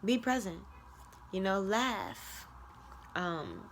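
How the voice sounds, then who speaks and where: A woman's voice: mid-range voice, expressive, very slow, slight background noise. A young adult woman talking earnestly in a rambling personal vlog, heartfelt, with many fillers. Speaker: content creator. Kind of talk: reflective personal vlog monologue.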